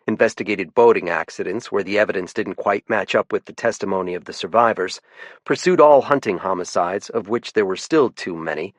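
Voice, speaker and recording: A man giving measured, first-person scripted audiobook narration. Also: fairly low pitch, no room sound.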